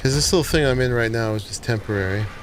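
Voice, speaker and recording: A man talks through a survival-game building session in an easygoing, thinking-aloud way. His voice sits in a middle pitch, and a faint hiss stays underneath it. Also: fast. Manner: relaxed, thinking aloud while playing. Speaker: gaming channel host. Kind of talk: casual gameplay commentary.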